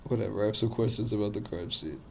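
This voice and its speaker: A man's voice: on the low side, quick pace, vocal fry, slight background noise. A man reading a video game's dialogue and narration aloud, adding crude asides along the way. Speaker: gaming video host.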